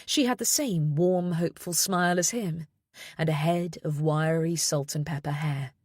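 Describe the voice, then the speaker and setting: A woman reading a first-person thriller audiobook in a measured, steady way. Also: low-pitched, dry recording, studio quality. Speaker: audiobook narrator.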